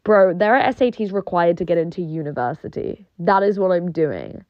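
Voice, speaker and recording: A young woman with a lowish voice rants casually, rambling through fillers and swearing with sarcastic bite. The recording is dull and lo-fi, with a dry, close sound and no room echo. She talks like she is venting straight to her audience. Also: animated, normal speed. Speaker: online personality. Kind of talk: casual rant monologue.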